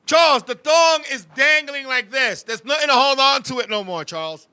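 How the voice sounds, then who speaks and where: Very high, sharp-voiced comic male host. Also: normal speed, smooth, dry recording, studio quality. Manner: animated, profane storytelling, constantly addressing his co-host. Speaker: show host. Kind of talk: casual comedic chat.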